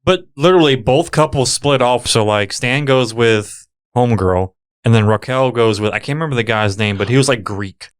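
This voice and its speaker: A man's voice: medium pitch, moderate pace, clean tone. A man co-hosting a podcast, retelling a film's plot in a laid-back casual way, leaning on "like" and "literally". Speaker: podcast co-host. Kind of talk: casual film recap chat.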